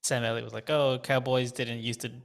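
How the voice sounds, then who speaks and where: A man co-hosting a podcast, speaking in a hesitant, sheepish way with lots of pauses. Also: level tone, gravelly. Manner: hesitant, sheepish, low-key. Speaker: podcast co-host. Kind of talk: casual chat.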